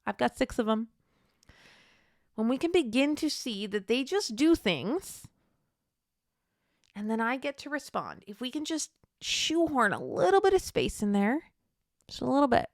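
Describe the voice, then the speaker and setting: A woman hosting a podcast, coaching mothers in an encouraging, gently reassuring teaching monologue. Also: on the high side, sing-song, a little slow, pauses often, dry recording, clean studio sound. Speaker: podcast host and Catholic mom coach.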